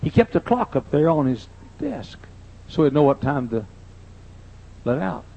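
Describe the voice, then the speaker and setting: Older guy pastor, kinda husky, telling funny folksy stories in a sermon, dull old recording. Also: fairly high pitch, big pitch swings, measured pace, dark tone. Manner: folksy, joking anecdotes. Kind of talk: humorous sermon storytelling.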